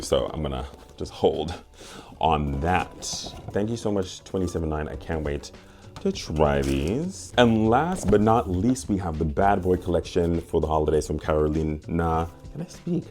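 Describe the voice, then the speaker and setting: A man hosting a casual unboxing vlog, playful and gushing, with sudden high squeals. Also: moderate pace, over music. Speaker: candle and perfume reviewer.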